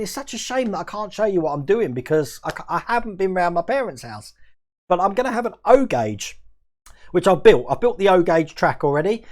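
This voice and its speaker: Man, livestream host, casual rambling chat, answers viewer comments, slightly high voice. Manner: rambling and chatty, reads out viewer comments and answers them directly. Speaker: scale modelling livestream host.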